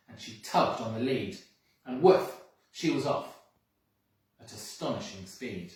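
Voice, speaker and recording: A school reader reading a picture book aloud with expressive, sing-song storytelling, recorded from a distance in an echoey room. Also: medium pitch. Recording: echoey room, mic far off.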